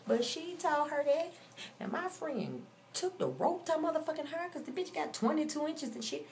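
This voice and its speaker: A woman's voice: high voice, sing-song, moderate pace, a little mellow, slight background noise. A woman in her forties telling a story in a casual, blunt and profane rant. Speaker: vlogger.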